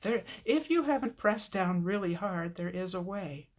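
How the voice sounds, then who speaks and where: A woman's voice: mid-range voice, expressive, moderate pace. Chatty woman crafting on camera. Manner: chatty, talks to viewers by name, laughs often. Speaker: card-making demonstrator. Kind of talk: casual live craft tutorial.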